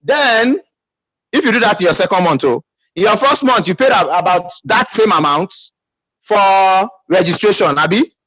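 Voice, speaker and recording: A man's voice: sits high, animated, moderate pace, fairly bright tone, dry recording, rough recording. A man with a Nigerian English accent giving an emphatic motivational pep talk as a business team leader, calling out for audience responses.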